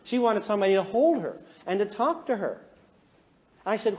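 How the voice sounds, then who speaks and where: Animated, high-voiced middle-aged man storytelling. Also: moderate pace. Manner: animated, jokey, self-mocking, swings from hushed to loud. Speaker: counselor giving a seminar talk. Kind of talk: humorous storytelling to a live audience.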